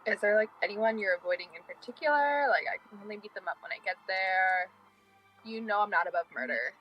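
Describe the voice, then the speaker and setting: A woman voicing a blunt, loyal fighter, soft-spoken. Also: expressive, fairly quick, lo-fi sound, soft background music, natural voice. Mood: protective. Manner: soft-spoken, filler-heavy. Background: faint highway traffic.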